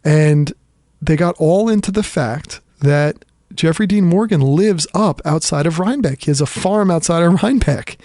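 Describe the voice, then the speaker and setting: A man's voice: fairly high pitch, normal speed, dark tone, no room sound, clean studio sound. A man hosting a podcast, telling a long story in a rambling, self-deprecating way with lots of fillers and restarts, a little under the weather with a cough. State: sick with a cough. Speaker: podcast host. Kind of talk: casual storytelling monologue.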